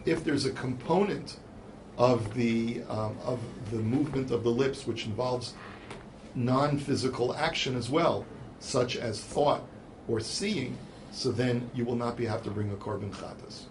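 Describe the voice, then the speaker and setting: A man's voice: medium pitch, a little slow, a little hiss or hum. A man, a rabbi, teaching a Talmud class. He explains each point step by step and asks questions aloud before he answers them. He chants Hebrew and Aramaic passages in a rising voice, then translates them.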